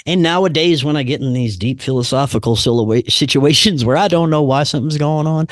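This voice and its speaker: A man telling a personal story in casual chat, laid-back and saying "man" and "dude" a lot, doing animated voices for the people he quotes. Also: mid-range voice, a little fast, few pauses, no echo, clean studio sound.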